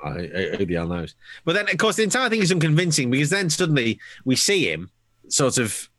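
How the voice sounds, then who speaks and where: A man's voice: on the high side, very animated, a little fast, fairly bright tone, no echo. A man co-hosting a podcast, chatting casually in a wry, rambling, mock-exasperated way. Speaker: podcast co-host. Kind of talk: casual chat.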